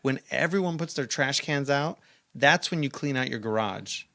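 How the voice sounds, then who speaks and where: A man co-hosting a podcast in casual chat, teasing his partner in a steady, dry manner. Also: mid-range voice, moderate pace, creaky, no echo. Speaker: podcast co-host.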